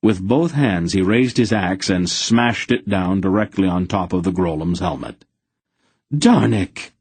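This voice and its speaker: A man narrating an audiobook in a measured, steady storytelling manner. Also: sits low, breathy edge, no echo. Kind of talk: scripted narration.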